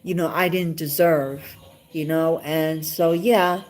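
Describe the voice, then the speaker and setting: A woman with a slightly low voice talks casually to a single viewer on a live stream. Her talk is emotional and rambling, circling back to the same questions again and again. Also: steady tone, slow pace, a little mellow.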